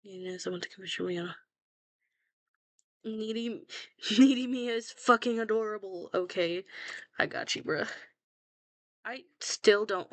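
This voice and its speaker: A woman's voice: mid-range voice, gravelly, fairly bright tone. A young woman chatting casually about her own fan fiction, blunt and self-mocking, swearing freely and laughing at herself. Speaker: fanfiction writer scrolling her own archive.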